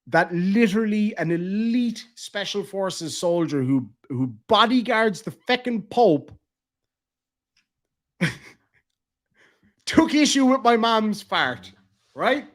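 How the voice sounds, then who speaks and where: A young Irish man with a lively, animated delivery, telling a comic story and laughing as he swears. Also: high-pitched, takes it slowly, long pauses. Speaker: vlogger.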